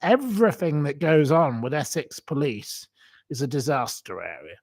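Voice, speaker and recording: A man's voice: on the high side, sing-song, moderate pace, darkish tone. A man hosting a live stream, answering viewer comments in an emotional, indignant rant that repeats itself. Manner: indignant, ranting, repeats himself.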